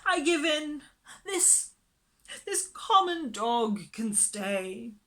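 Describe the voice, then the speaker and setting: Woman doing Miss Lark, shrill fussy lady. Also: very animated, drawn-out words, pushed and bright, heavily acted. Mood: wailing. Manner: shrill, wailing and tearful. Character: fussy haughty lady doting on her dog.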